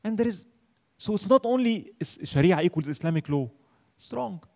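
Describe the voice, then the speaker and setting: A man teaching an Islamic studies class, lecturing emphatically, asking and answering his own questions and reciting Arabic verses quickly. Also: sits high, animated, gravelly, darkish tone.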